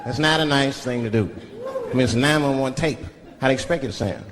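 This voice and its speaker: A man's voice: mid-range voice, quick pace. A man from Washington, D.C. doing stand-up comedy, telling stories with many put-on voices, recorded live at a show. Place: comedy stage before a large audience. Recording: live show with loud crowd laughter.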